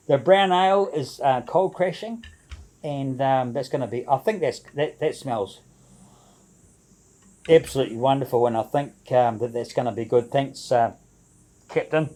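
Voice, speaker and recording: A man talks casually to his viewers from a home brew shed, his voice mellow and dark-toned at a mid pitch. He rambles and hesitates, restarting thoughts and filling gaps with ums as he goes. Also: normal speed, rough recording. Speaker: home brewer. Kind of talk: casual vlog chat to viewers.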